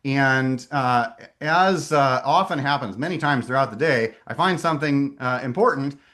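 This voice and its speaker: A man's voice: medium pitch, moderate pace, a bit bright. A middle-aged man presenting a webinar in a casual way over a video call, enthusiastic and often hesitating and restarting his sentences.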